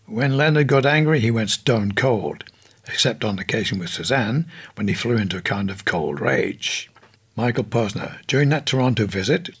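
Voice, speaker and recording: A man's voice: fairly low pitch, expressive, normal speed, slightly rough. A man narrating an audiobook in a scripted reading, voicing quoted speakers in turn.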